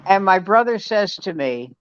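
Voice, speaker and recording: Older man telling animated family stories. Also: sits high, normal speed, clear, resonant tone, no room sound, lo-fi sound. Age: 70s. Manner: animated storyteller acting out family dialogue. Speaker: veteran comedian and host. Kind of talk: casual storytelling chat. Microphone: video call.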